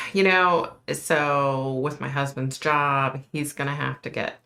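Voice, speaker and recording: Middle-aged lady chatting on her livestream, kinda low voice, easygoing and talky, reading comments. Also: slow pace, vocal fry, pushed and bright. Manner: chatty, reads and answers viewer comments. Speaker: livestream host. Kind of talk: casual livestream chat.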